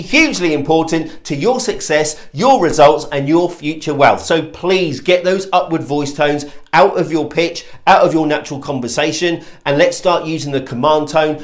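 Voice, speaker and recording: Man, sales trainer, slightly high voice, emphatic, demonstrates tones. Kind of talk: instructional video talk.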